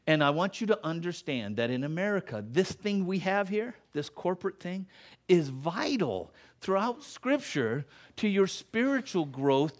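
Earnest preaching man, fairly high voice. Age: middle-aged. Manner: earnest preaching, mixes rising emphasis with soft drops. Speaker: pastor. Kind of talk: live sermon and closing prayer. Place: church sanctuary.

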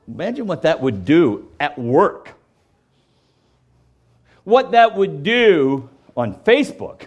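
A man's voice: a little high, big pitch swings, takes it slowly, pauses often, lo-fi sound. A man preaching a sermon in a conversational way, often checking in with "okay?" and acting out quoted voices. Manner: acts out quoted voices and jokes. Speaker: pastor.

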